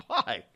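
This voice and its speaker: A middle-aged man hosts a radio talk show, giving an opinionated, sarcastic monologue. He's animated and performs the voices of the people he quotes.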